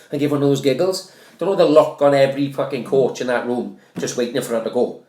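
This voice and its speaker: A Welsh man co-hosts a casual podcast and tells long, rambling stories that are full of swearing. His voice sits at a middling pitch, and the room around him is echoey. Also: quick pace, warm tone. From Wales. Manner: swears freely, rambling storyteller. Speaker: podcast co-host. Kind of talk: casual banter.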